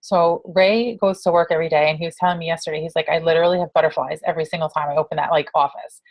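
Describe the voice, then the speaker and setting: A woman in her thirties from New York hosts a casual team call, telling stories in a brash, profane, animated way. Her voice is low and she talks at a racing pace.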